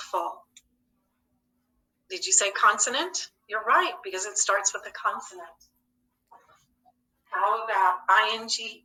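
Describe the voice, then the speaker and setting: A woman teaching young children a phonics lesson, patiently asking each question and then giving the answer. Her voice is bright and clear, and she speaks slowly. She sounds a little distant from the mic in an echoey room. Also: mid-range voice. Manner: slow, patient, asks questions and answers them.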